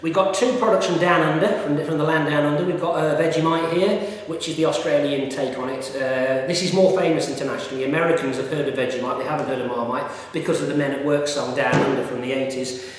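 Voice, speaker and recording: A man's voice: a little high, fairly even intonation, fast talker. A middle-aged man rambling casually with many fillers and restarts, reviewing food in a vlog. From United Kingdom. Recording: echoey room with long reverb.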